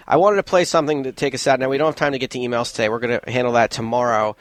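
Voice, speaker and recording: Laid-back male radio host, dry studio sound, medium pitch. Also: fairly even intonation, racing, few pauses, dry recording. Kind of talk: casual radio chat.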